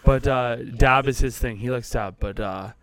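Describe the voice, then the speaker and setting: A man's voice: mid-range voice, moderate pace, fairly bright tone. A man chatting as a guest on a podcast, telling stories in an easygoing, rambling way with lots of filler words. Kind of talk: casual podcast chat.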